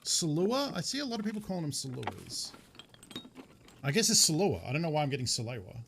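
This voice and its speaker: A man's voice: fairly high pitch, sing-song, brisk, gravelly, a bit bright, a little hiss or hum. A male streamer giving casual live commentary while playing a shooter, muttering his thoughts aloud and swearing now and then.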